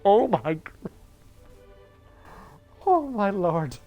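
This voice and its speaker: A woman's voice: medium pitch, big pitch swings, drawn-out words, muffled recording, faint music behind. A woman streaming a game, reading the on-screen text aloud and often breaking into helpless laughter until she is in tears. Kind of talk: let's play with read-aloud narration.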